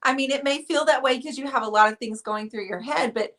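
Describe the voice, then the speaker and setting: A woman hosts a casual chat in a bright, clear voice. She speaks earnestly and affectionately to her guest. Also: high voice, brisk. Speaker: host.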